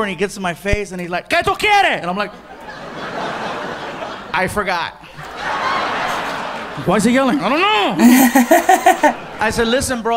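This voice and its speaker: A man doing animated stand-up storytelling, acting out characters with loud outbursts. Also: high voice. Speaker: stand-up comedian. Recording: live club set with a laughing crowd and room noise. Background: audience laughter.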